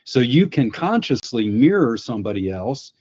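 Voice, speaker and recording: Husky man telling stories on a call. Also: medium pitch, big pitch swings, moderate pace, darkish tone, dull audio. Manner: anecdotal, explanatory, self-correcting restarts. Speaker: sales psychology speaker. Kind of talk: storytelling on a webinar panel.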